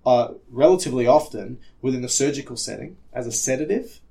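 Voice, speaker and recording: His mid-range voice is brisk, creaky and dark in tone. As co-host of an educational podcast, he lays out topics step by step and checks in to confirm his partner follows along.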